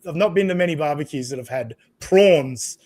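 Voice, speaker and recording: A man's voice: on the high side, animated, moderate pace, darkish tone. An Australian man co-hosting a casual chat, laid-back and joking, swearing freely. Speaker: co-host.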